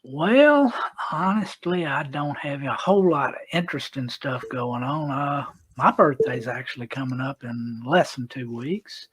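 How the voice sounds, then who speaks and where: A man talking casually as a guest on a livestream, relaxed and quick to laugh. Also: mid-range voice, slightly rough, low-quality recording. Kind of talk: casual chat.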